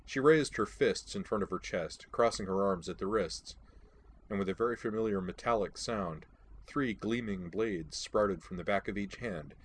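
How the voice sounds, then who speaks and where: A man's voice: low voice, slight background noise. A man reading a first-person audiobook, telling the story in a wry, dry-humored way.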